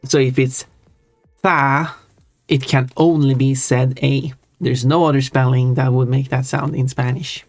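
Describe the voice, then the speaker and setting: Flat and moderately paced, a middle-pitched Swedish livestreamer keeps talking with few pauses, explaining in a chatty, loose way full of restarts. The sound is dry and close, with no room echo, and gentle background music plays faintly.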